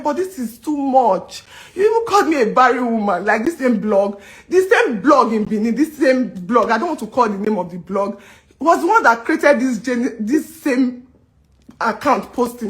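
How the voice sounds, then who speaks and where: Woman, fairly high voice, indignant pleading rant to camera. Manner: pleading and indignant, repeating phrases. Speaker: business owner responding to online claims. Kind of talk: emotional direct-to-camera rant.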